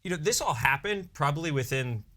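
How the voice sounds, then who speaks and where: A man, a wedding DJ and emcee co-hosting a podcast, telling a story in a casual, animated way and peppering it with "you know" and "right". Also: fairly high pitch, fairly quick. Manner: animated storyteller who briefly acts out his own hype announcements.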